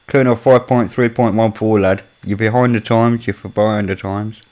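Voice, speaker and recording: A man's voice: lowish voice, fairly even intonation, normal speed, darkish tone. A man from Birmingham with a Birmingham accent, a live-stream host chatting casually with viewers and muttering to himself as he works on his computer. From Birmingham, England. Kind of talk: casual chat with chat readers.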